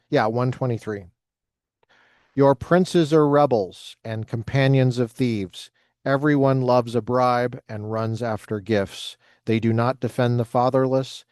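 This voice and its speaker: A man's voice: medium pitch, darkish tone, clear, resonant tone, no echo, studio quality. A man reading passages from a book aloud and adding joking commentary of his own. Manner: reads passages with joking asides. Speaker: lecturer reading from a history book.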